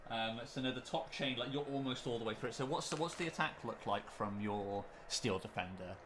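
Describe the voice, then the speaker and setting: A man's voice: mid-range voice, brisk, background noise. A man narrating as game master of a tabletop game, describing scenes in a hesitant way with many ums and restarts.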